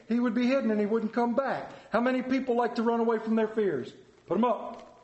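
A man's voice: very high-pitched, a little mellow, roomy sound. Man preaching, questioning his congregation. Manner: conversational, asks the congregation questions. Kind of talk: interactive sermon.

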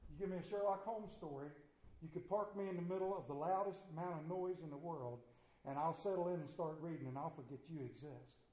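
Male pastor, high-pitched, folksy sermon storyteller, big swings from loud to hushed, echoey sanctuary. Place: church sanctuary.

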